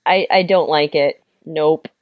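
A woman co-hosting a casual comics podcast, blunt and quick to laugh. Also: low voice, steady tone, no room sound, lo-fi sound. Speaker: podcast co-host reviewing comics. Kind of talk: casual chat.

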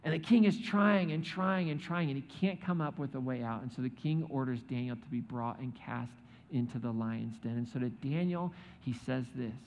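A man preaching a sermon, retelling a scripture story with joking asides and acted-out quotes. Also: mid-range voice. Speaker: pastor. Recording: echoey hall, dull sound.

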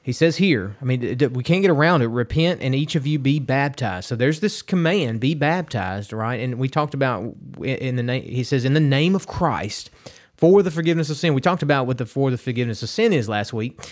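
A man's voice: medium pitch, lively intonation, brisk. A man hosting a casual theology podcast, speaking hesitantly and repeating words as he thinks.

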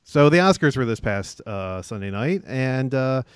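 A male podcast host running a loose comedy chat. He stumbles over his words and laughs along with his co-hosts. His voice sits at an ordinary pitch and sounds dry and close. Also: sing-song, normal speed, clean tone, dry recording. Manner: stammering, apologetic, laughs often.

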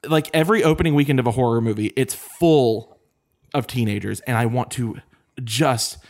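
A man's voice: medium pitch, moderate pace, darkish tone. A man co-hosting a podcast in casual chat, given to exaggerated comic rants. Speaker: podcast co-host.

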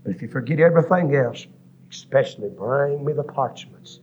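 A man preaching a revival sermon, rhythmically listing words and rising to shouts, recorded in a church. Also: medium pitch, normal speed, breathy edge, narrow, tinny audio.

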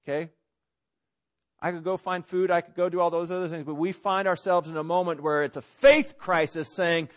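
A man preaching a sermon from a church stage, conversational, swinging between loud emphasis and quiet asides. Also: on the high side, fairly even intonation, brisk. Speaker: pastor.

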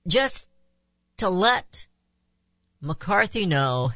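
A woman's voice: fairly low pitch, sing-song, very slow, a bit bright, no room sound. A woman hosting a talk radio show, delivering an impassioned opinion monologue full of rhetorical questions.

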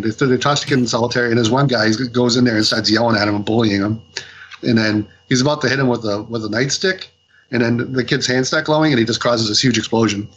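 A man on a casual podcast, retelling a comic's story with lots of ums, restarts and quick acted-out quotes. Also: medium pitch, a bit bright, a little hiss or hum, low-quality recording. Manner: rambling retelling with many fillers and restarts. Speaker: podcast co-host reviewing comics.

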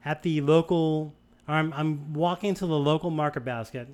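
A smooth, clear-toned young man from the Boston area tells a long anecdote in casual conversation. His voice sits a little high for a man. He rambles, circles back and restarts his sentences as he goes. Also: normal speed. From Boston area, USA. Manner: rambling, animated storytelling with many restarts. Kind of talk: casual chat.

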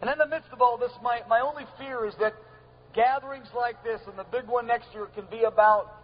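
A male preacher with a fairly high voice delivers an emphatic sermon and repeats his lines. He swings from loud to soft. The recording is dull and lo-fi, with a faint hum underneath. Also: fairly even intonation, fairly quick. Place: gathering hall with sound system.

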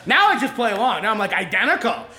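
A man in his thirties from Kentucky doing a deadpan, self-mocking stand-up set and chatting with the crowd. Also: high-pitched, rapid-fire. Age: 30s. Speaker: stand-up comedian. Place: comedy club stage. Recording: echoey club, audience laughter.

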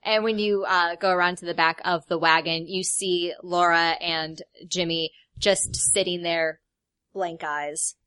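Woman running a tabletop game, lower voice. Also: steady tone, measured pace, fairly bright tone, smooth. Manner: hesitant, many fillers. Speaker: game master.

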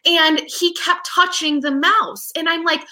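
A woman in her thirties, a real estate agent and mother, chatting as a guest in an animated, talkative way with many fillers and restarts. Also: very high voice, unhurried. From United States. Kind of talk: casual interview chat.

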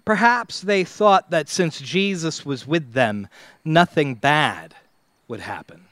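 Slow, lively-pitched man preaching. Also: no room sound, clean studio sound. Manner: slow, dramatic preaching with long pauses and sweeping pitch. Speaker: pastor. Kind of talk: sermon. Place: church.

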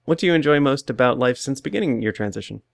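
A man leading a casual interview with a gravelly, fry-tinged voice at a middle pitch. His delivery is dry, with offhand joking asides between the questions. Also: expressive, quick pace. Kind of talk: casual chat.

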